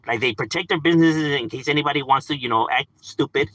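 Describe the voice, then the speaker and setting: A man's voice: a little high, fast, fairly bright tone, dry recording, rough recording. A man streaming live, talking in a laid-back, slangy way and chatting to his viewers. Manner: laid-back slangy talk with frequent "like" and "bro". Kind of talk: casual live-stream chat.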